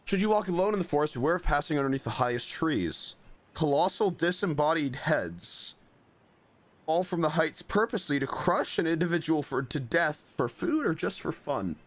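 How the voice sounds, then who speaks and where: A man with a fairly high voice reads a passage aloud on stream. He then muses over it, asking himself questions in a casual, wondering way. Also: expressive, normal speed. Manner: musing, asks himself questions. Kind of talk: reading text aloud and reacting.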